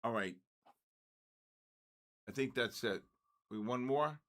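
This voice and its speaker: A man's voice: mid-range voice, slow. An older man hosting a live trading stream, calling out viewers' names with joking exasperation. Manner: exasperated, joking, calls names in a loud sing-song. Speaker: trading session host.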